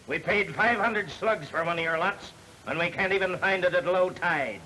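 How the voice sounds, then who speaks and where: A threatening slangy gangster. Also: male voice, sits high, moderate pace, pushed and bright, a little hiss or hum, low-quality recording. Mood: menacing. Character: tough gangster customer demanding money. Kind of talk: 1930s film comedy acting.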